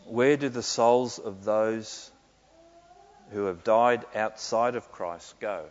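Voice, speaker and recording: A man answering questions in a sermon, reflective and often pausing with fillers and soft laughs. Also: lowish voice. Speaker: pastor. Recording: muffled with long hall reverb.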